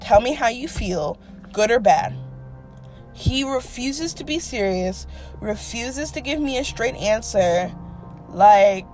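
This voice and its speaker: A woman's voice: a little high, slow pace, faint music behind. A young woman hosting a podcast, telling a dating story in a casual, profane, dramatic way. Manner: animated, profane, dramatic with quoted asides. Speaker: podcast host.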